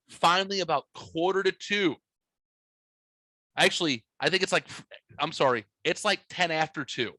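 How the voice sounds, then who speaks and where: Animated, swearing man telling a story. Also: fairly high pitch, moderate pace, no echo. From United States. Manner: animated storytelling, heavy swearing, acts out his own yelling. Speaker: podcast host. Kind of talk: casual podcast chat.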